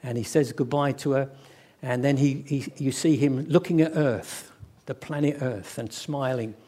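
Male preacher, mellow tone, lively storyteller voicing characters. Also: mid-range voice. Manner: storytelling, acts out quoted voices, slows for emphasis. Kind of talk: sermon.

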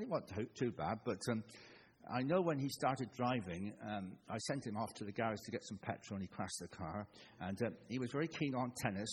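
An older man with a fairly low voice delivers a sermon, chatting with his listeners and then pressing his points with sudden emphasis. A faint hiss of noise sits under the recording. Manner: conversational, rising to emphatic bursts. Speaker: preacher.

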